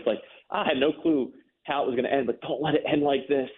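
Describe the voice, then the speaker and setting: A man's voice: medium pitch, fast talker. A man telling his personal story as an interview guest, earnest and emphatic, repeating words when moved. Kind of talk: personal testimony in a faith interview. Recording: phone-line audio.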